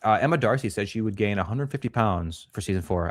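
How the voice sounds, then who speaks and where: A man's voice: fairly low pitch, animated, quick pace, no echo. A man co-hosting a casual livestream, reading chat comments aloud and joking crudely. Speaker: podcast co-host.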